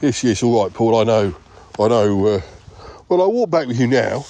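A man's voice: medium pitch, very animated, normal speed, dark tone, a little hiss or hum. A man voicing a cheerful, bumbling older male yeti uncle who rambles with many ums and uhs. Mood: easygoing. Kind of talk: improvised comedy podcast skit.

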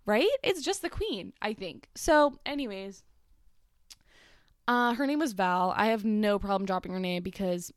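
A woman's voice: medium pitch, measured pace, clean tone, no echo. Chatty young woman podcasting, dry sound. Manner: chatty, swears freely, self-deprecating asides. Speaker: podcast host. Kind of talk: casual solo podcast storytelling.

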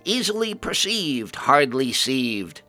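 A crazed ghoul woman chants her rhymes in a high, shrill, ringing voice, as a male storyteller puts her on. Her lines swing wildly up and down. She belongs to a fantasy storybook reading. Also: lively intonation, normal speed, gravelly, sharp tone, soft background music, full character voice. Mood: wailing. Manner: shrieking singsong rhymes. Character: mad female ghoul who speaks only in rhymes.

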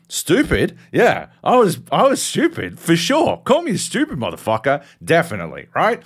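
A man's voice: moderate pace, hardly any pauses, husky. An Australian man in his thirties co-hosting a casual podcast chat. He tells stories with lots of swearing. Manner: animated, swearing storyteller, jumps high in pitch for quoted outbursts. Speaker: podcast co-host.

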